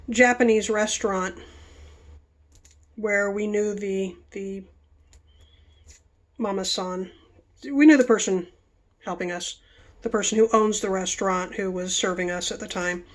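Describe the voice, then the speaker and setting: A woman's voice: medium pitch, fairly even intonation, slow, pauses often. A woman vlogger telling stories in a rambling, chatty way, stopping herself mid-thought while she works with her hands. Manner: chatty, self-interrupting. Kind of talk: rambling casual storytelling.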